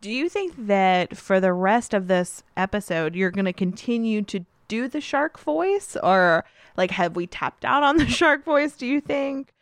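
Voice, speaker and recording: Female podcast co-host, mid-pitched, quick to laugh, eager comic chat, dry close sound. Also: expressive, no room sound. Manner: giggly, enthusiastic, laughs often. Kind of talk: casual comedic chat.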